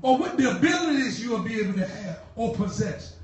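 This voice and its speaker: Her voice is fairly high and sing-song, moving at a fairly quick pace as she preaches in church. The woman spins casual, slang-filled stories, repeating important lines in fervent bursts, sometimes shouting and laughing, all captured from far off in an echoey hall.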